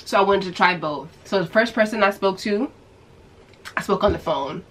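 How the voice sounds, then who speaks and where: Animated woman telling a storytime. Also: mid-range voice, moderate pace, breathy edge, rough recording. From New York. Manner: animated storyteller who acts out quoted voices. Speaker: vlogger. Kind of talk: casual storytime.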